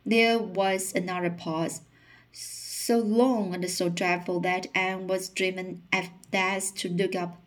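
Slow-reading woman narrating an audiobook. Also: lowish voice, flat delivery, low-quality recording. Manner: slow reading with occasional slips and restarts. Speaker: audiobook reader.

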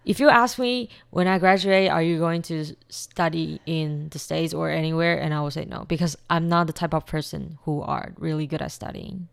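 Taiwanese woman, low smooth voice. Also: steady tone, normal speed, hardly any pauses, no echo. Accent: Taiwanese, with a Californian lilt. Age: 20s. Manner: chatty, upbeat, simple non-native phrasing. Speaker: guest. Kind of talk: casual interview chat.

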